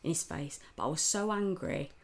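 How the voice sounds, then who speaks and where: A woman's voice: deep voice, normal speed, creaky, slight background noise. A woman, co-hosting a podcast and telling an annoyed, sweary story in casual chat. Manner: sweary, animated storytelling with bursts of emphasis. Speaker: podcast co-host.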